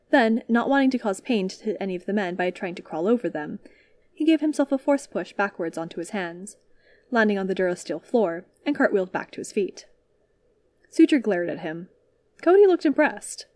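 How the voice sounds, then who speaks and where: A woman reading fan fiction aloud as a podfic reader, in a calm, even storytelling manner. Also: mid-range voice, no echo.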